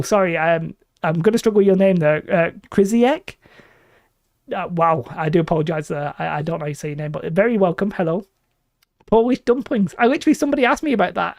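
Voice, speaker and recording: A chatty man from northwest England with a Lancashire accent, talking casually to his viewers and reading out chat comments. His voice has a gravelly edge. He speaks into a desk mic in a small room at home, and the sound is dry and close. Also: high voice, a little mellow, no room sound. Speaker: streamer. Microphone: desk microphone.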